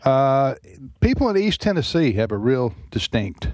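A radio talk show host with a very animated, slightly mellow mid-range voice at normal speed rambles chattily and pokes fun at himself. It's recorded on a studio microphone with no room sound.

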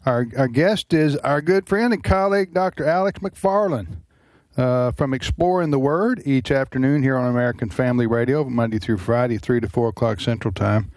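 A man's voice: medium pitch, normal speed, darkish tone, no echo. A man hosting a radio talk show, rambling and chatty, poking fun at himself. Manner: rambling, chatty, self-deprecating. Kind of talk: casual radio chat. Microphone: studio microphone.

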